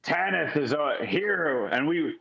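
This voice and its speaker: A man's voice: fairly high pitch, lively intonation, slow pace, vocal fry, pushed and bright, breathy edge, lo-fi sound, voice pushed up, full character voice. A man voicing the crew of a magic ship, chummy and creepy, speaking in a sing-song, cheerfully eerie way.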